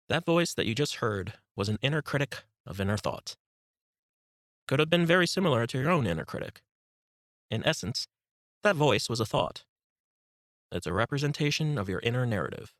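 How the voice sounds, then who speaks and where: A man reading his own guided meditation book in a calm, instructive, unhurried voice. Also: mid-range voice, no echo, clean studio sound. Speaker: author narrating his book. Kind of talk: guided meditation audiobook narration.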